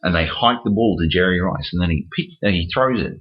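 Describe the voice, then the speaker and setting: Blunt, deep-voiced Australian man. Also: quick pace. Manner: blunt, casual, swears freely. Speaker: podcast co-host, games reporter. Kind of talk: casual chat. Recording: dull lo-fi recording.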